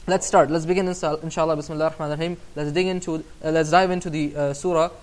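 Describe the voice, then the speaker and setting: A man's voice: fairly high pitch, steady tone, fast. A man giving a casual Islamic class online, conversational and often asking "right?" to check in. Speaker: Islamic teacher.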